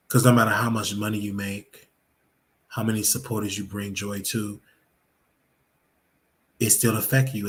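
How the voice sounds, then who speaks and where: A man's voice: on the low side, a bit bright, a little hiss or hum. A man hosting a live reaction commentary show, talking in an emphatic, preachy way and repeating his points.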